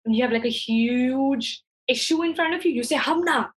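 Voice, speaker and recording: A young woman in her twenties, a guest telling a story in a casual, animated way, laughing often and acting out the voices of people she quotes. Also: high voice, moderate pace, low-quality recording.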